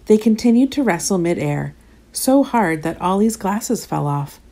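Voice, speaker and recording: A woman narrating a children's storybook aloud in an expressive, animated way. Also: mid-range voice, measured pace.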